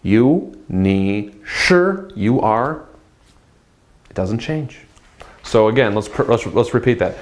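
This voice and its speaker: In a classroom with a whiteboard, a Chinese teacher gives a language lesson, stretching out model words slowly between quick, chatty, spontaneous explanations in English. His voice is lowish with lively intonation.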